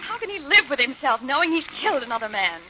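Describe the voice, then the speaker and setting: A woman's voice: sits high, big pitch swings, fast. An actress playing a compassionate young woman reporter who speaks earnestly and with moral concern in an old radio drama. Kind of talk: 1950s radio drama acting. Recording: dull lo-fi old radio broadcast, faint hiss.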